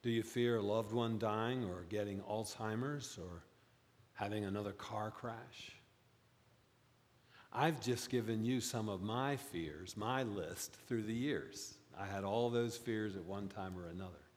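Slow-preaching pastor in a reverberant hall. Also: male voice. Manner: storytelling, animated, rising high for emphasis. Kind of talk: sermon. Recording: long reverb, as in a church.

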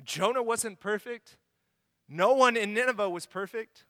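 A man preaching a sermon as pastor, earnest, swelling to emphatic peaks and then falling quiet and soft. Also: sits high, measured pace, dry recording, clean studio sound, big-room sound.

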